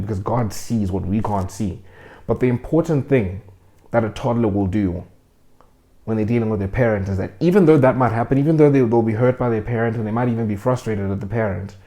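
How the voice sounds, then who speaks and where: A man's voice: mid-range voice, mellow. A young man hosting a casual, earnest faith talk to his viewers, talking conversationally and acting out the voices he quotes. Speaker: host.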